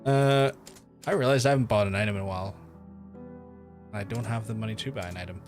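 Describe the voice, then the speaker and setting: A man's voice: lowish voice, steady tone, fast. Northern irish guy streaming a game, rambly, lots of swearing and likes, music going in the background. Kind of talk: casual live-stream gameplay chatter. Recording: game music playing under voice.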